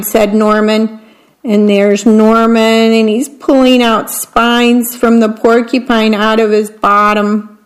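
A woman reading picture books aloud in a gentle manner, describing the pictures as she goes. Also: a little high, flat delivery, slow pace, poor audio. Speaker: read-aloud storyteller.

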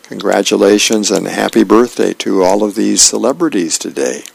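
A man volunteering as a radio reader, reading the newspaper and comics aloud in a gentle, plain way. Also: on the low side, animated, normal speed, creaky, slightly rough, no room sound.

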